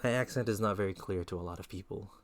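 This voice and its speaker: Young man from the Philippines, streamer, low-voiced, relaxed slangy chat on a headset. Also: fast talker. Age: 20s. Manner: laid-back, slangy, chatty. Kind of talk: casual live-stream chat.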